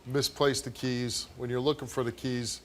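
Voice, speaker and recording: A man's voice: medium pitch, flat delivery, normal speed, fairly bright tone. A man hosting a talk show in a studio, direct and blunt with his guests.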